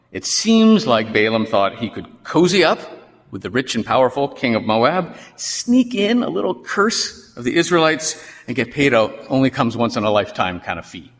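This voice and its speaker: Man preaching in a church, animated storyteller with wry jokes, lots of hall echo. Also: medium pitch. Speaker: pastor. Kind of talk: sermon. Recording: long reverb of a church hall.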